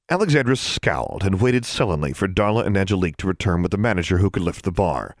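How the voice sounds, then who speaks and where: Low-voiced man narrating a story. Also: fast, few pauses, no room sound, studio quality. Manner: steady storytelling, switches into character voices. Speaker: audiobook narrator. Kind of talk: scripted narration.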